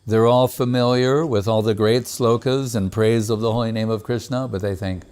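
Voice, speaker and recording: A man's voice: lowish voice, steady tone, moderate pace, a little mellow. Man giving a devotional talk. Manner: retells stories, recites Sanskrit verses; chuckles often. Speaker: spiritual teacher. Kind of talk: devotional discourse.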